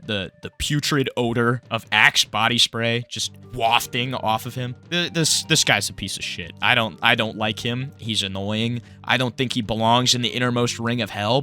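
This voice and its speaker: A man's voice: mid-range voice, sharp tone. A young man in college, ranting bluntly and crudely through a comedic tier list, stammering and restarting as he goes. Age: young adult. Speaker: college student vlogger.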